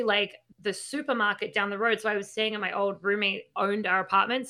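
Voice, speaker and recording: A woman's voice: medium pitch, pushed and bright. A woman in her thirties chatting casually on a podcast, blunt and sweary, with lots of fillers. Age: 30s. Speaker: podcast co-host.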